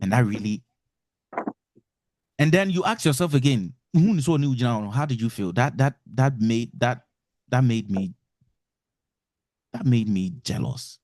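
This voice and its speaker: A man's voice: medium pitch, expressive, measured pace, long pauses, a little mellow, no room sound. Ghanaian man teaching with dry sound. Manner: mixes Twi and English, repeats words for emphasis. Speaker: relationship teacher. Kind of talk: informal lecture.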